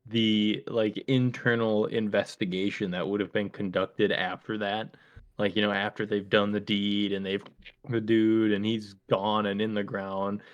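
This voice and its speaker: Male podcast co-host, lowish voice, casual joker who slips into bits. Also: highs cut off. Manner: riffs with comic bits and acted-out voices, laughs often. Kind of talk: casual chat.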